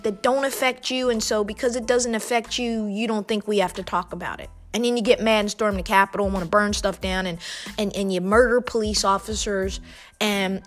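A woman's voice: mid-range voice, a bit bright. A woman as a political commentator, giving an impassioned monologue in a fervent, preacher-like cadence full of repetition.

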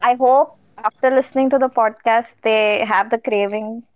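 A woman's voice: fairly high pitch, steady tone, moderate pace, no echo, muffled recording. A woman guesting on a podcast, chatting casually with a playful, sarcastic streak. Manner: playful, sarcastic, laughs often. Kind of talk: casual chat.

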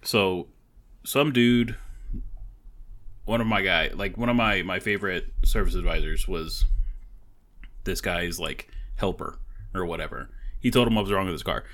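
A man's voice: low voice, unhurried, long pauses, pushed and bright. A man on a casual podcast, blunt and profane, giving short reactions and telling a brief work story. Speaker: podcast co-host.

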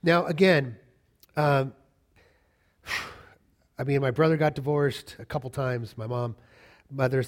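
A middle-aged man preaching a sermon as a pastor, conversational and emphatic, repeating key phrases and joking casually with the congregation. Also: medium pitch.

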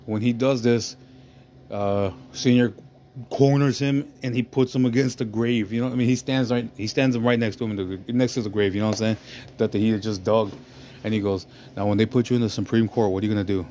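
A man with a fairly low voice talks through a movie's story in a loose, rambling way. He swears freely and keeps checking in with his listeners. A faint background hum sits under his voice. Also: darkish tone. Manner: rambling, profane, frequent "you know what I mean". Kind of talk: casual movie recap.

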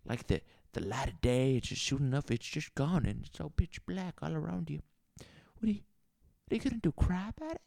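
Man putting on a foul-mouthed Southern bar owner, rambling and gravelly, dry close sound. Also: a little high, lively intonation, brisk, a little mellow, no room sound, pitched above the performer's own voice. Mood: rambling, preachy. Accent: put-on Southern US. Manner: crude, rambling, swears a lot. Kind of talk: improvised character comedy.

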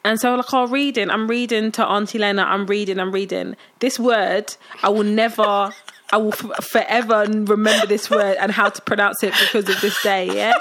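A woman with a slight lisp, telling lively stories in a casual chat and teasing her co-host. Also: medium pitch, normal speed, slight background noise. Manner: teasing, exclaiming, laughing through stories. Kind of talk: casual chat, animated storytelling.

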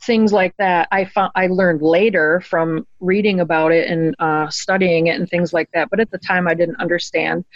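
A woman's voice: fairly low pitch, dry recording, lo-fi sound. Earnest woman telling a personal story. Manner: earnest, halting, many ums and restarts. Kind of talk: conversational storytelling.

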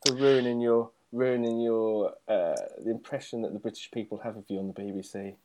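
A woman's voice: rumbling low, steady tone, brisk, dark tone, low-quality recording. A woman co-hosting a podcast in casual chat, teasing and prompting her guest with questions. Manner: teasing interviewer, prompts for more. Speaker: podcast co-host.

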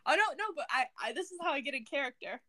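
High, bright Southern young woman. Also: animated, rapid-fire, no echo. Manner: blunt, gossipy and opinionated. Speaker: podcast co-host. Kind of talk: casual chat.

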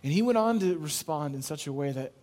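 A pastor preaching a sermon in an earnest, conversational way, telling a story and repeating phrases for emphasis. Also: male voice, on the high side, expressive, quick pace, a little mellow. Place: church.

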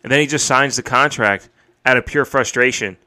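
A man hosting a podcast, recapping a wrestling show in casual, excited, profane chat. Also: medium pitch, moderate pace. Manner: excited, profane, recounts and quotes matches. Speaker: podcast host. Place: home streaming setup.

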